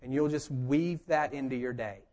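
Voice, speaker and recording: A man's voice: mid-range voice, moderate pace, a little mellow. A man preaching a conversational sermon, joking and emphatic as he teaches. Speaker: pastor.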